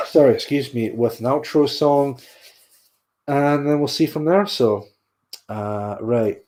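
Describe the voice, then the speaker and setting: Taking it slowly, a podcast host ends his livestream with a casual sign-off, yawning from fatigue and circling back over the same points. He speaks at a medium pitch, and his tone is a little mellow.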